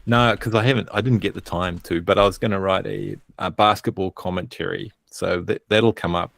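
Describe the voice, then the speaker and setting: New zealand accent, man, co-host, laid-back live chat, gravelly low voice, dry close sound. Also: steady tone, fairly quick, a bit bright, no echo. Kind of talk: casual live stream chat.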